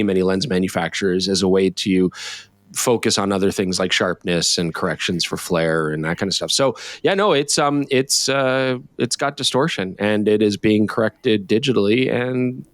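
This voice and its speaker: A man with a fairly low voice chats loosely on a podcast. He restarts his sentences and trails off often, recorded dry and close. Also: normal speed, no echo. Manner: rambling, repeats words, laughs often. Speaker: podcast co-host. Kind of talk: casual chat.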